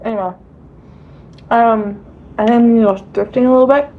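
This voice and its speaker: A woman's voice: medium pitch, flat delivery, normal speed, narrow, tinny audio. A young woman chatting casually in a rambling, laughing way as she vlogs her day. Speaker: vlogger. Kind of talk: casual vlog chat.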